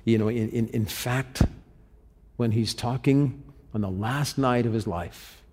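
A man preaching an animated sermon as pastor, asking the congregation questions and repeating himself as he builds his points. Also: medium pitch, a little slow. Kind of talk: interactive sermon. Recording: long hall reverb.

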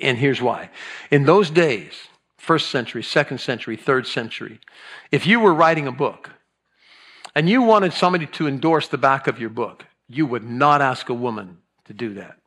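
A man's voice: on the high side, a bit bright. A middle-aged man preaching a chatty sermon, telling stories with playful asides and drawing the congregation in. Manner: chatty storytelling with playful asides and audience prompts. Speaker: pastor. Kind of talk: conversational sermon.

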